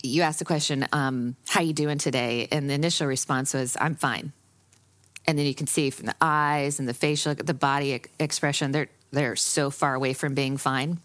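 A woman's voice: extremely low pitch, fairly even intonation, fairly quick, few pauses, dry recording. A woman podcast host being interviewed, telling a personal story with many fillers and restarts, and growing emotional.

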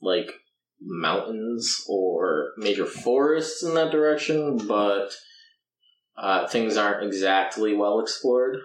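A man narrating as game master of a tabletop game, laid-back and halting with fillers. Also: fairly low pitch, lively intonation. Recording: echoey room, far from mic.

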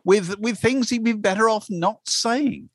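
A man's voice: high voice, unhurried, no room sound. A man chatting casually as co-host, wry and dryly witty. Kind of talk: casual chat.

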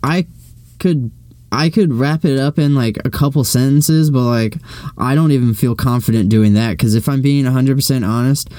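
Rambling young man, mellow dry voice. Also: mid-range voice, moderate pace, no echo. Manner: rambling, swears freely, restarts a lot. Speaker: podcast co-host. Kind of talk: casual chat.

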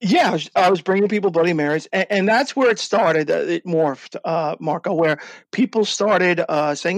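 A man talking as a guest in an interview, telling his story with excitement and many stumbles and restarts. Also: high-pitched, fairly quick, no room sound. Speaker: guest, drink brand founder. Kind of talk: animated storytelling in a podcast interview.

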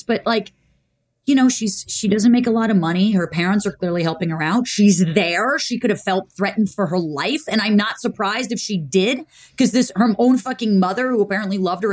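A woman's voice: mid-range voice, fairly quick. A young woman on a podcast, telling a personal story in casual chat and acting out the quotes. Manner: animated, acts out quotes. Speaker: podcast guest.

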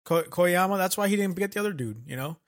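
A man chatting casually about an anime with friends, joking and swearing as he chimes in with quick riffs. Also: sits high, lively intonation. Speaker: podcast co-host. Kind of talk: casual profane chat.

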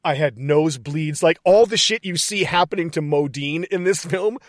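A man co-hosting a casual film podcast, retelling scenes in a profane, animated way. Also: high-pitched, normal speed, no room sound, clean studio sound. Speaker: podcast co-host.

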